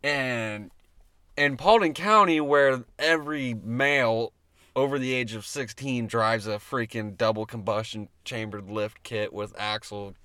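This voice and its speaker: Bright, clear-voiced young guy. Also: medium pitch, unhurried, dry recording. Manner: rambling, swearing, laughing often. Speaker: podcast co-host. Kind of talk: casual chat.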